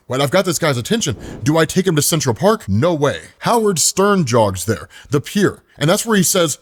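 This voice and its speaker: A man on the higher side of the male range retells a comic book story in a casual, chatty way. His voice jumps around a lot in pitch as he tells it. He laughs often and drops quick asides between the events. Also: expressive. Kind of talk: casual comic recap narration.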